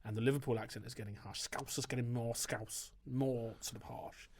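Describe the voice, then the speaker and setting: This medium-pitched male voice keeps a fairly even intonation at a normal speed. He is a priest and writer appearing as a podcast guest, answering interview questions thoughtfully and discursively, often hesitating and restarting.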